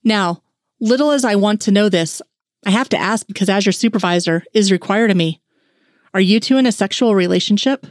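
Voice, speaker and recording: A woman voicing a stern, gruff male FBI supervisor who speaks curtly in an audiobook-style fan fiction reading. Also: mid-range voice, brisk, no echo, clean studio sound, lightly acted. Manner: growling, curt.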